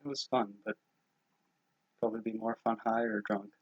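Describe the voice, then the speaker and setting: A young man co-hosting a podcast, chatting casually with short, dry, low-key replies. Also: flat delivery, moderate pace, husky. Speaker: podcast co-host. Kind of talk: casual chat. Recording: dull lo-fi podcast audio.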